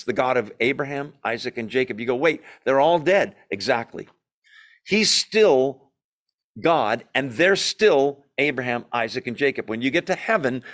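A man leading a Bible study in a conversational, animated way, joking and acting out quotes as he goes. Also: mid-range voice. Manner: animated, jokey, acts out quotes in asides. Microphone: video call or room mic, class also on Zoom.

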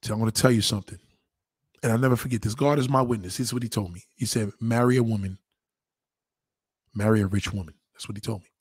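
A man's voice: mid-range voice, rapid-fire, husky, no room sound. A man ranting and telling a story in casual, profane slang, acting out the voices. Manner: loud, animated, swears constantly, acts out voices. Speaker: vlogger.

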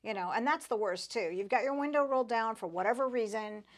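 A woman's voice: a little high, fast. A woman podcast host in easy conversation. She is sympathetic and chatty and brings in her own experiences. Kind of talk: casual conversation.

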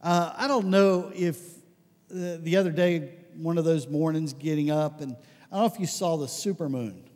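A man preaching a conversational sermon, telling stories with lots of restarts and animated asides. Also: a little high, normal speed, long reverb tail. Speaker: pastor.

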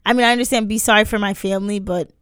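A woman's voice: medium pitch, steady tone, racing, a bit bright, clean tone, no echo, studio quality. A young woman from Haiti chatting casually as a podcast co-host, with lots of fillers. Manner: conversational, many fillers. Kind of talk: casual chat.

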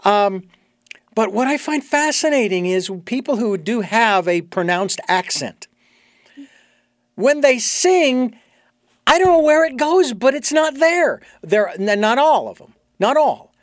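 An American man hosting an interview show, talking in a folksy, halting way with many fillers. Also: extremely high pitch, very animated, no room sound, studio quality. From United States. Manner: folksy, halting, playful with voices. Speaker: radio show host. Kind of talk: interview conversation.

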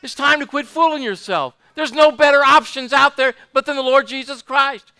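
High, bright-voiced man preaching. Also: moderate pace, no room sound. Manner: fervent, repetitive, asks the congregation for amens. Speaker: pastor. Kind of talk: sermon.

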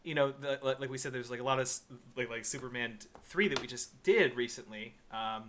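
A man co-hosting a casual podcast, excitable, laughing a lot and swearing freely. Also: medium pitch, a little fast, a little hiss or hum. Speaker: podcast co-host.

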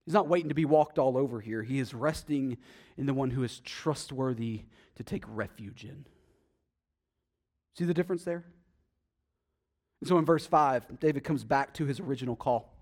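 A man preaching a sermon, emphatic and swinging between loud stresses and hushed, intimate asides. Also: mid-range voice, moderate pace, pauses often. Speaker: pastor.

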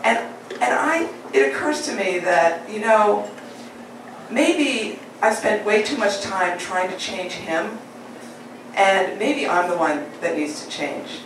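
A woman telling a personal story on stage, animated and laughing through it. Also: medium pitch, slow. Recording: echoey live hall, distant, noisy.

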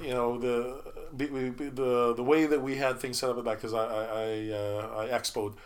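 A middle-aged man telling stories from his restaurant job in an easygoing chat. He speaks in a middle pitch and keeps stumbling over repeated words and fresh starts. He breaks into laughter now and then. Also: little pitch movement, moderate pace. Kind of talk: casual storytelling chat.

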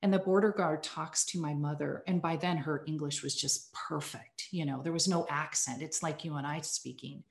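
A woman from the United States with a fairly low voice, recounting a childhood memory to her hosts in an earnest and animated way. Her voice carries noticeable echo from a roomy space. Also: moderate pace, creaky, few pauses. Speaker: podcast guest, communications executive. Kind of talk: casual storytelling interview. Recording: echoey room.

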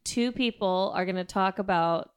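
A woman's voice: medium pitch, smooth. Chatty woman explaining an improv game. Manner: chatty, profane, quick. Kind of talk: casual improv comedy chat.

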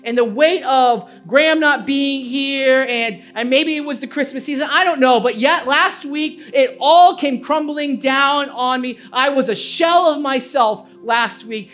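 A male pastor preaching a sermon, moving from quiet personal confession to loud, impassioned preaching. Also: extremely high pitch. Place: church sanctuary.

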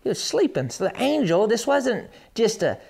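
A man preaching a streamed sermon, animated and acting out Bible scenes in quick voices. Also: very high-pitched, creaky, slightly rough.

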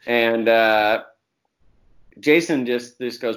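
A man telling stories as a guest in a casual chat, animated and profane, acting out quotes between bursts of laughter. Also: mid-range voice, moderate pace. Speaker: guest comics writer.

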